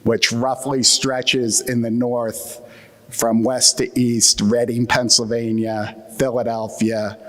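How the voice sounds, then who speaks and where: In a reverberant conference hall, a keynote speaker from the US Atlantic Midland region jokes wryly with his audience, leaning on lots of fillers. His Mid-Atlantic American voice is mid-range and fairly bright, level in tone, and slow.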